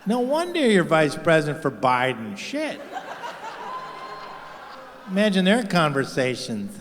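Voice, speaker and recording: A man's voice: fairly high pitch, huge pitch swings, unhurried, long pauses, a bit bright, a little hiss or hum. A middle-aged man doing a crude, profane stand-up comedy set on stage, mocking and punching up each line. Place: large comedy venue with live audience. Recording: live stage mix with hall reverb.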